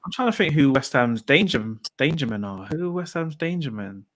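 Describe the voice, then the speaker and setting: A man's voice: on the high side, big pitch swings, brisk, dry recording. A man hosting a casual football chat, chatty and laughing as he reads out viewers' predictions. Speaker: football podcast host.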